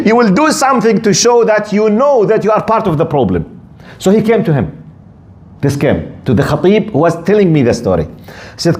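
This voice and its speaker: A middle-aged man teaches a religious lesson in English, slipping in phrases as he tells stories. His voice sits a little high and swings widely in pitch as he animates each point. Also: unhurried. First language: Arabic. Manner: animated storyteller, mixes Arabic phrases into English. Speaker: Islamic scholar giving a tafsir lesson.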